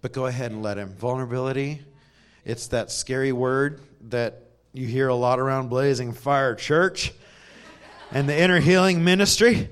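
A man's voice: mid-range voice, moderate pace, clear, resonant tone. Man preaching a chatty sermon. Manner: storytelling, self-deprecating humor with laughs. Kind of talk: conversational sermon. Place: church.

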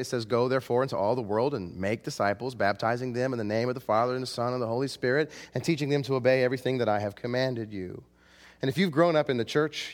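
Man, pastor, sermon, impassioned pleading, middle pitch, long reverb. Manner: impassioned, rising to pleading cries when quoting scripture.

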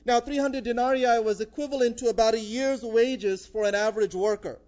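A man delivers a sermon in a high, light voice, speaking conversationally with frequent filler sounds. The recording is dull and lo-fi, missing its upper clarity. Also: steady tone, fairly quick, darkish tone. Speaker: pastor.

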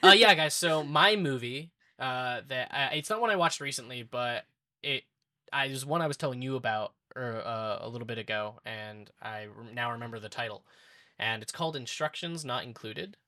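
A man hosts a laid-back podcast chat with a bright, forceful voice. He hesitates often and restarts his sentences as he leads the segment. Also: mid-range voice, normal speed. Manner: hesitant, many fillers and restarts. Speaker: podcast host. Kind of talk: casual conversation.

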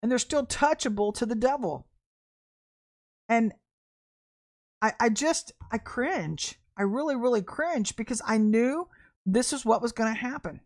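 A woman's voice: fairly high pitch, a little slow, pauses often. A woman giving a casual podcast sermon, telling stories with laughter and acting out quoted voices. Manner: animated storytelling with laughter and acted quotes. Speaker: podcast preacher.

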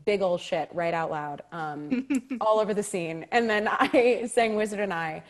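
A woman actor telling a story as an interview guest, animated and quick to laugh, acting out the lines she quotes. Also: medium pitch.

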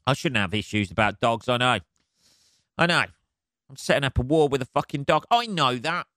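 A man's voice: fairly high pitch, a little fast, no room sound, clean studio sound. A man hosting a podcast, ranting comically on his own, swearing constantly and laughing often. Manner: sweary, animated, laughs a lot. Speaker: podcast host. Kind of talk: solo comedic rant.

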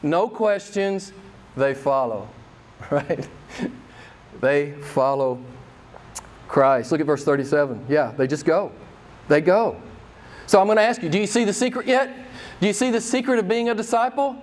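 A man's voice: unhurried, long pauses. A man preaching a sermon, emphatic and conversational, pressing the congregation with repeated rhetorical questions. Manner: emphatic, rhetorical questions, wide swings in pitch and loudness. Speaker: pastor.

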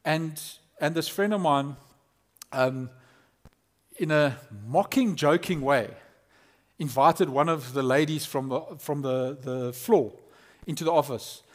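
A man preaching a lively, conversational sermon as a pastor, acting out quotes. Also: on the high side, slow.

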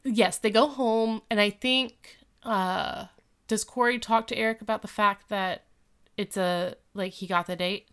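A woman's voice: mid-range voice, clean tone. Chatty woman recapping a show. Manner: animated storytelling with quick acted quotes. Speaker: podcast co-host. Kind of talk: casual chat recapping a show.

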